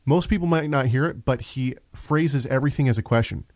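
A man's voice: medium pitch, brisk, darkish tone, dry recording. A man hosting a casual religious discussion show, talking in a conversational way with frequent restarts. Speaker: host.

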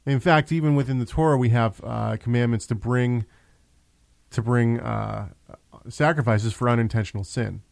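A man's voice: medium pitch, fairly even intonation, moderate pace, creaky, a little mellow, dry recording. A man hosting a casual religious discussion show, talking in a conversational way with frequent restarts. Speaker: host.

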